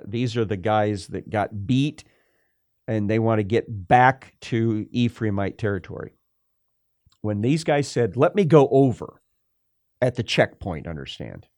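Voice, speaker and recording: A man teaching scripture in a measured, unhurried sermon, stopping often to explain. His voice sits at an ordinary pitch and is recorded dry and close, with no room sound around it. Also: a little mellow, dry recording. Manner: slow, deliberate, explanatory, with frequent fillers. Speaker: preacher. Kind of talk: sermon, verse-by-verse Bible teaching.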